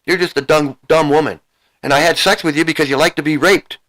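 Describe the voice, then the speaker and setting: A man's voice: fairly high pitch, fairly even intonation, fairly quick, a bit bright, natural voice. A man putting on a smug, sneering husband. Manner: sneering, belittling. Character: smug, condescending middle-aged man lecturing his wife.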